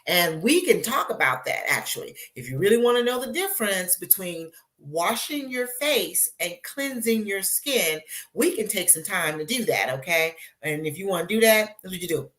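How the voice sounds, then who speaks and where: A woman hosting a live show as a beauty consultant, chatting casually with viewers and acting out little asides. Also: fairly low pitch. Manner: chatty, animated, acts out voices in asides.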